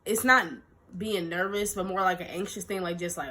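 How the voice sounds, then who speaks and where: A young woman vlogger telling a story in a lively, animated way, acting out quotes and laughing often. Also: on the low side, normal speed. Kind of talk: storytime vlog.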